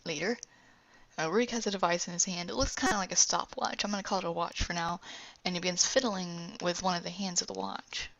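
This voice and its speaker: A woman talks through her animation pitch scene by scene in a low, gravelly voice with some fry. She rambles and drops in asides. The recording is dull and lo-fi. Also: fairly bright tone. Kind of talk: casual scene-by-scene narration.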